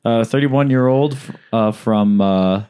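A man from Alaska co-hosting a casual podcast, reading listener submissions with dry jokes and some halting. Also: mid-range voice, mellow, smooth.

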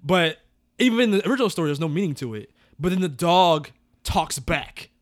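Animated, lively-voiced man chatting on a podcast. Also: fairly high pitch, brisk, no room sound, studio quality. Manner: animated storytelling, swears casually. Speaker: podcast co-host reviewing movies. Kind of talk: casual chat.

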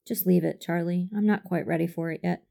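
A woman reading the part of a warm, courteous male hologram doctor in an audio story, in a gentle, friendly tone. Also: on the low side, steady tone, brisk, vocal fry.

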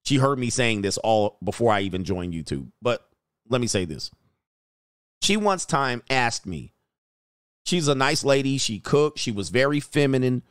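A man's voice: mid-range voice, moderate pace, clear, resonant tone, no room sound, studio quality. A middle-aged man, a dating coach, telling stories bluntly and with animation in casual commentary. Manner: blunt, animated storytelling with frequent laughs. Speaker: dating coach reacting to clips.

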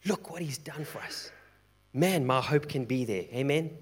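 A man's voice: medium pitch, lively intonation, moderate pace, breathy edge. A middle-aged man preaching a sermon who acts out the voices of the people in the story. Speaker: pastor.

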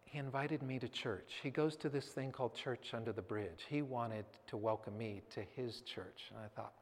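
A man's voice: medium pitch, normal speed. A man in his thirties telling a personal story to a church audience, acting out the scene vividly and then turning earnest and reflective. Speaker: speaker addressing a church audience. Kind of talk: personal story told from a stage. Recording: long hall reverb.

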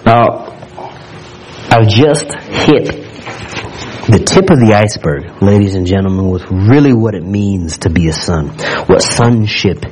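A man's voice: fairly low pitch, animated, measured pace, pauses often, darkish tone, a little hiss or hum, low-quality recording. A man preaching a sermon in a church, reading scripture aloud and building in fervor as he speaks to the congregation. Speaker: pastor.

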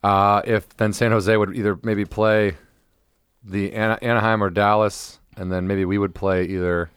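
A man co-hosting a casual podcast, rambling excitedly about sports and now and then bursting into loud impressions. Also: lowish voice, moderate pace, clear, resonant tone, no room sound, clean studio sound. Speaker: podcast co-host. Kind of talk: casual chat.

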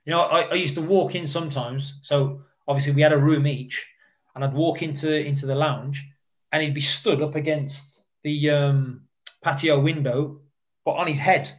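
A man's voice: fairly high pitch, fairly even intonation, moderate pace. A man with a slightly raised voice rambles through old stories, repeating himself and filling gaps with "like". The recording sounds a bit dull and muffled. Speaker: guest and former footballer. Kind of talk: casual storytelling chat.

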